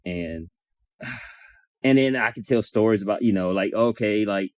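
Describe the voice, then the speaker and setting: A man's voice: fairly low pitch, measured pace, dry recording. Man telling a painful story, dry sound. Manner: animated, acts out dialogue, swears. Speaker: support circle participant. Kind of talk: emotional personal storytelling.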